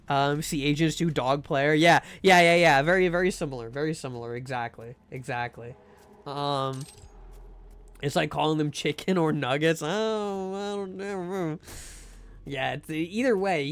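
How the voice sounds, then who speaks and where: Young male streamer, high-pitched, rambling casual chat with restarts, at a desk mic. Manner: rambling, many fillers and restarts. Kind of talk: casual livestream chat while gaming.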